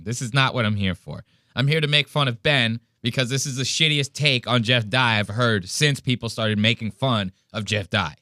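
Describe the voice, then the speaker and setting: A male podcast host tears into a take with blunt, profane energy. His voice is bright and forceful. The sound is dry and close to the mic. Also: medium pitch, no room sound. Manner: blunt, profane, animated ranting. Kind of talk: casual commentary.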